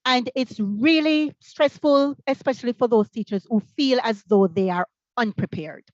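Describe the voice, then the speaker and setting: A woman with a Jamaican accent leading a teacher training workshop over a video call. She is energetic and fires off rhetorical questions. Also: a little high, normal speed, no echo, muffled recording. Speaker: workshop facilitator.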